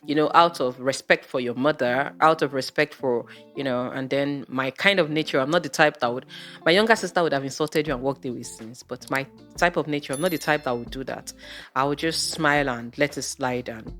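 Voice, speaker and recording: A woman's voice: a bass voice, brisk, fairly bright tone, faint music behind. A woman telling a story on her vlog in a chatty, exasperated way, full of rhetorical questions. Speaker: vlogger. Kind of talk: casual storytelling monologue.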